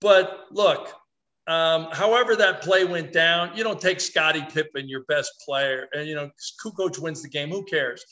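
A man co-hosts a casual sports podcast and brings the quick opinions of a longtime columnist. His voice sits a little high and sounds bright and edgy, and his talk is animated and often pokes fun at himself. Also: highs cut off. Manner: animated, opinionated, self-deprecating.

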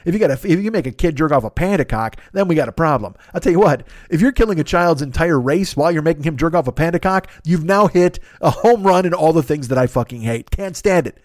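Fast-talking crude man in his fifties. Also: a little high, expressive, no echo, clean studio sound. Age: 50s. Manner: rambling, crude, laughing at own jokes. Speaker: podcast host. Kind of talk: profane comedic monologue.

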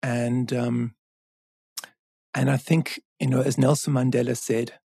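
A man speaks in an earnest, measured way, with a husky grain to his voice. He tells a story as a guest in conversation. The recording is dry and close. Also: mid-range voice, little pitch movement, warm tone, dry recording. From South Africa. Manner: earnest, measured, with frequent restarts and asides. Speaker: author and guest.

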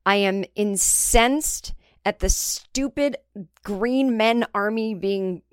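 A woman's voice: medium pitch, slow, clear, resonant tone, no echo, studio quality. A woman comedian hosting her own podcast, talking in a candid, rambling and sometimes profane casual monologue. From United States.

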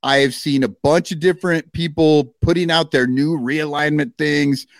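A man co-hosting a casual podcast, talking in a loose, profane, animated way. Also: a little high, normal speed, gravelly, no echo, clean studio sound. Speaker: podcast co-host.

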